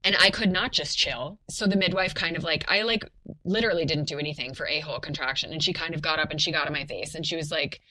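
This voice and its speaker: A young woman sharing her birth story on a podcast, animated and full of fillers, laughing often. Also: deep voice, fast talker, a little hiss or hum, poor audio. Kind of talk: casual personal storytelling.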